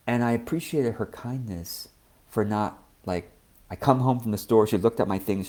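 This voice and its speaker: A man giving a gentle, thoughtful talk as a spiritual teacher, often checking in with the listener. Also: lowish voice, normal speed. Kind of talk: reflective personal talk.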